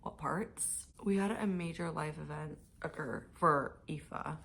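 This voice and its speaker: A young woman vlogger chatting casually about her reading. She talks quietly and sounds worn out. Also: slow, creaky. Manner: tired, low-key and mumbly in the first part; chatty and rambling, with fillers. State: out of breath. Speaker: booktube vlogger. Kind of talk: casual vlog chat.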